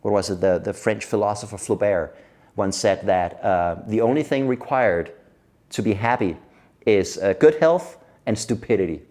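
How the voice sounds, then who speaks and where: A middle-aged man from Denmark, a guest in an interview who tells stories in a lively way and laughs often. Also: lowish voice, moderate pace. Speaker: guest expert on workplace happiness. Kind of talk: casual interview chat.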